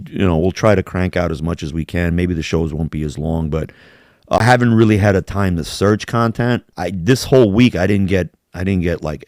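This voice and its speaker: Low-voiced man in casual profane chat. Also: darkish tone, no room sound, studio quality. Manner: profane, rambling, does mocking impressions. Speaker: podcast co-host.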